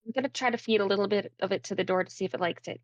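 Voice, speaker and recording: A woman's voice: medium pitch, very fast, no room sound, highs cut off. A woman playing a tabletop game in character, giggly and hesitant. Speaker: player.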